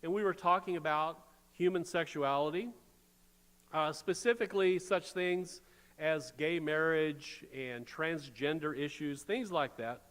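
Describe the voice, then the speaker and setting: A man's voice: fairly high pitch, a little slow, fairly bright tone. A man preaching a sermon as pastor, conversational, with wry asides. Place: church sanctuary. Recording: long church reverb.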